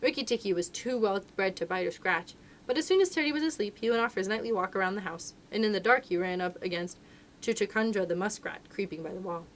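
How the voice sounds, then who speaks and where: A woman, a children's librarian, reading a storybook aloud with expressive, lively narration. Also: mid-range voice, fast talker, slight background noise.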